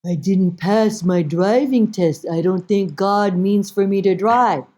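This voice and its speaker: A woman voicing her elderly immigrant mother, who speaks in slow, clipped, halting English and keeps a matter-of-fact tone. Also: mid-range voice, a little mellow, lightly acted.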